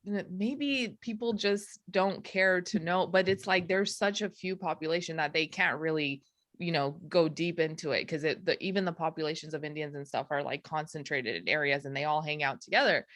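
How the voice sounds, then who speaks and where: A woman comedian in a casual interview, talking in an animated, rambling way with frequent laughs. Her voice is bright and forward. The sound is dry and close. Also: low-pitched, brisk, no echo. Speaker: comedian guest.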